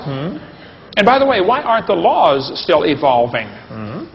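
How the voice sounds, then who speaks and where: A creation science lecturer, a man with a somewhat high, gravelly voice, jokes folksily with a live audience and keeps quizzing them, his delivery sing-song and unhurried. The recording is dull and lo-fi with a long hall reverb and slight background noise.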